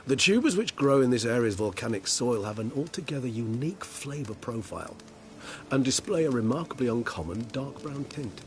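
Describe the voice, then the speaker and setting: A man's voice: medium pitch, sing-song, a little fast, slight background noise. An actor playing a refined, ironic male vampire in a video game, with eloquent, theatrical phrasing. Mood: genial. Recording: game audio with music underneath. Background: music.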